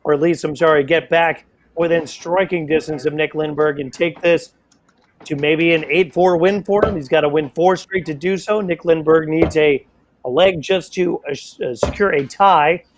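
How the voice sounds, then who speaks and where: Male darts play-by-play caller, slightly raised pitch, excitable, jokey, self-deprecating. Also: normal speed, background noise. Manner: excitable, playful, self-mocking asides. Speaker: darts commentator. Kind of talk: live sports play-by-play commentary.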